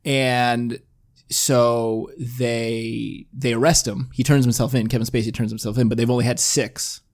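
A man's voice: mid-range voice, flat delivery, unhurried, darkish tone. A man hosting a podcast, casually retelling a movie plot in a rambling, profane way full of "like". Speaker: podcast host. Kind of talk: casual chat, movie recap.

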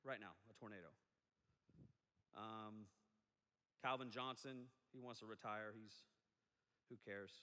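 A man preaching a sermon in a casual, animated way, breaking into asides and acting out quotes, heard in an echoey hall. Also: lowish voice, unhurried, pauses often. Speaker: pastor.

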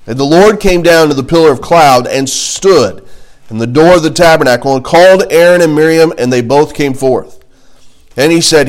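A man teaching a Bible class in a relaxed, conversational way, reading scripture aloud and breaking off with jokes and asides. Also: a little high, brisk.

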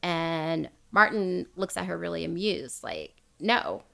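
Woman host, chatty storyteller, gravelly voice, laughs a lot. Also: on the low side, lively intonation, unhurried, bright, forceful tone. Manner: chatty, laughs often, quotes people as she tells. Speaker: podcast host retelling a true crime story. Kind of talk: casual storytelling chat.

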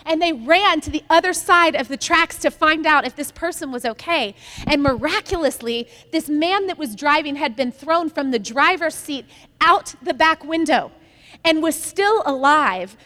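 High-voiced woman pastor preaching in a hall. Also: expressive, normal speed, sharp tone. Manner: storytelling, building to emphatic repeated lines. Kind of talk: sermon.

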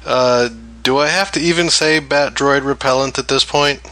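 Laid-back male panelist, bright voice. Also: mid-range voice, normal speed. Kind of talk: casual panel chat.

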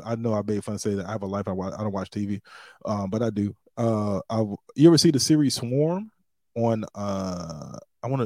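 A man's voice: fairly low pitch, a little mellow, no echo. A man hosting a casual podcast on a wired desk mic, rambling with lots of fillers, restarts and laughs. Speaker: podcast host. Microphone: wired desk microphone.

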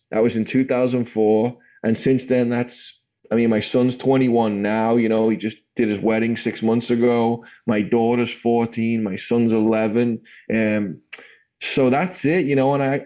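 A man's voice: medium pitch, warm tone, poor audio. An English man in his forties, telling his life story in a rambling, casual way full of fillers. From England. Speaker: guest. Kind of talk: casual testimony interview.

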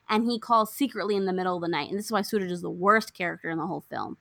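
A young woman casually recapping a film plot, acting out the characters' lines with lively swings. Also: lowish voice, very fast, vocal fry, no room sound. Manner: animated storyteller, acts out characters' lines. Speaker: podcast co-host recapping a film. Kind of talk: casual chat.

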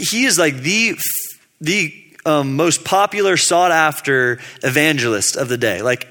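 A man's voice: a little high, pushed and bright. A man preaching a casual sermon in a laid-back, slangy way, acting out the people in his story. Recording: long hall reverb.

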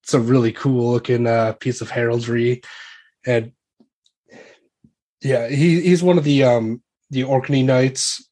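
A man running a tabletop role-playing game, narrating in a relaxed, meandering way. His voice sits at an ordinary mid pitch, and his sentences are full of ums and likes. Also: a little slow, pauses often. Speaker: game master.

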